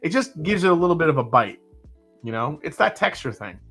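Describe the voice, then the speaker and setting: On a whiskey livestream, a male host with a slightly high, slightly rough voice talks at normal speed over soft background music. He keeps things easygoing, reading viewer comments aloud, dropping fillers and pausing for sips.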